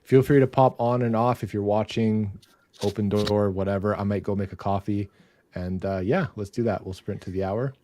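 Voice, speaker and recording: A man from Canada hosting a livestream in relaxed, casual chat. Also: fairly low pitch, normal speed. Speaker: livestream host.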